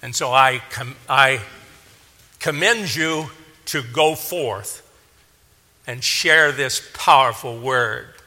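Slow, bright-voiced preacher in a hall. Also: male voice. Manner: earnest, rising to emphatic peaks then dropping low. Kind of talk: sermon. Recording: long hall reverb.

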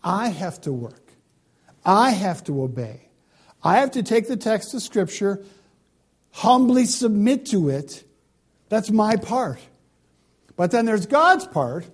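A man preaching a sermon, emphatic and building lists of words, dropping now and then to a quiet, pleading tone. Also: high-pitched, sing-song, slow pace, pauses often, slightly rough. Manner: emphatic, swings from loud stresses to quiet pleading; repeats words in lists for stress. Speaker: pastor.

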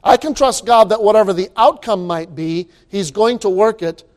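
A man preaching a sermon, animated and reading scripture aloud in old-fashioned wording. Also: high voice, moderate pace. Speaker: pastor.

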